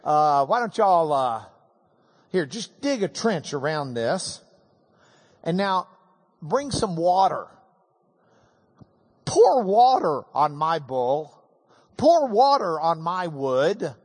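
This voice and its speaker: A man voicing a brash male prophet who mocks his rivals, shouting in a high, taunting voice. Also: very animated, slow, long pauses, slightly rough, long reverb tail, full character voice. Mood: confident.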